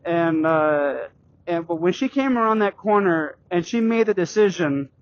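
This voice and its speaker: A middle-aged man vlogging while riding a bike, telling a personal story in a halting, rambling way with many restarts and fillers. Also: sits high, expressive, no echo, highs cut off. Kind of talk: casual storytelling vlog. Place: outdoors on a bike.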